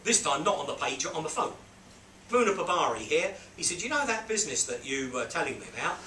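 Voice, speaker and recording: A man mentoring a small group, telling a business story in a lively way and acting out quotes and beeping sounds. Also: on the high side, fast. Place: on a boat. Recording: roomy, distant mic with background noise.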